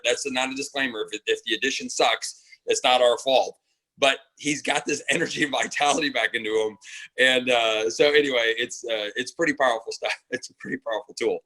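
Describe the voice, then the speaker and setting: A man's voice: medium pitch, bright, forceful tone, dry recording, poor audio. A man on a video call, telling stories enthusiastically as a guest. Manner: enthusiastic storyteller. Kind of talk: casual talk on a video call.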